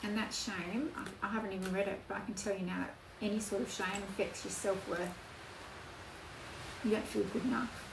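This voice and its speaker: A woman giving a spoken tarot reading in an earnest, emotional way, with slow emphatic phrasing. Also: medium pitch, fairly even intonation, creaky. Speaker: tarot reader. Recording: echoey room, voice from off-mic, background noise.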